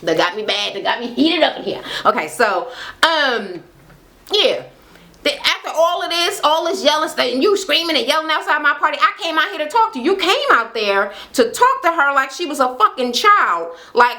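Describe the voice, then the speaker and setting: Bright high-pitched woman ranting about a reality show, swearing a lot and acting out quotes. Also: normal speed. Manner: animated, heavy swearing, acts out quotes. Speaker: reality TV recap vlogger. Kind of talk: casual rant recapping a reality show. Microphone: camera mic with ring light setup.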